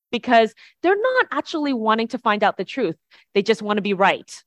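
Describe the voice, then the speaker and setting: Higher-voiced woman preaching conversationally. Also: sing-song, fairly quick, dry recording. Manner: chatty, tags points with "right?". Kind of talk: conversational sermon.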